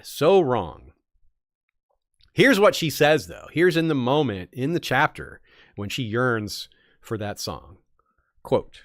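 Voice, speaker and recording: A man co-hosting a podcast, discussing story lore in a casual, animated way and teasing his co-host with frequent laughter. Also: mid-range voice, no echo, clean studio sound.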